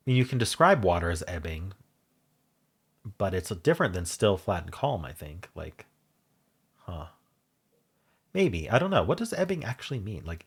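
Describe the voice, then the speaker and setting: Low husky man musing over puzzles. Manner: thinks aloud, musing and unsure. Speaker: puzzle video host. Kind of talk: casual solo puzzle commentary.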